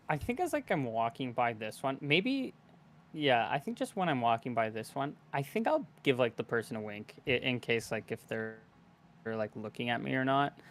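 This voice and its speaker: Hesitant, rambling man player. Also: medium pitch. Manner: hesitant, rambling, laughs often. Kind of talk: casual tabletop game play.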